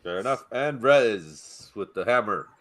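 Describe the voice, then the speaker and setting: A man's voice: on the low side, animated, measured pace, fairly bright tone. A man hosting a casual football fan podcast, passing the talk to his guests and addressing the chat. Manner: upbeat, steers the talk and hands over to guests. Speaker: podcast host.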